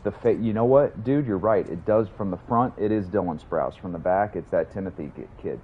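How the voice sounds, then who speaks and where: A man's voice: deep voice, fairly quick, narrow, tinny audio, a little hiss or hum. Profane rambling young man streaming a game. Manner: rambling, profane, reads and answers chat. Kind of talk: casual gaming livestream chatter.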